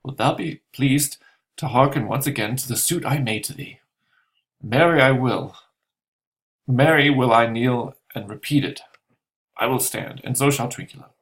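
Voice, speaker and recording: A man's voice: mid-range voice, normal speed, pauses often, a bit bright, pitched above the performer's own voice, lightly acted, rough recording. Man reading as a pleading, servile monster. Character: resentful island monster, male, servile.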